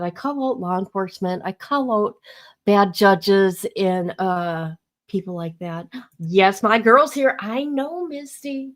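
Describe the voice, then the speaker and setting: A woman talks to her livestream audience in a casual, drawn-out way, her pace slow and deliberate. She gets heated as she rants, calling people out, and stops now and then to greet viewers by name. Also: medium pitch. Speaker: livestream host.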